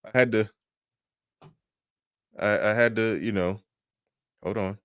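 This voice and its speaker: A man's voice: fairly low pitch, expressive, moderate pace, long pauses, clear, resonant tone, no echo, clean studio sound. A man giving a blunt, profane reaction commentary, talking animatedly and laughing often.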